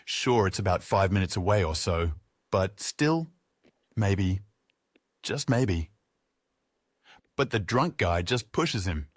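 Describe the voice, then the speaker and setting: A man's voice: low voice, normal speed, no echo, studio quality. A man narrating an audiobook in a wry, conversational first-person style.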